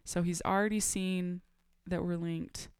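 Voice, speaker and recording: A young adult woman on a podcast telling a personal story in a casual, animated way. She laughs often and acts out the dialogue she quotes. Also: lowish voice, a little slow, smooth, no room sound, studio quality. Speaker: podcast guest.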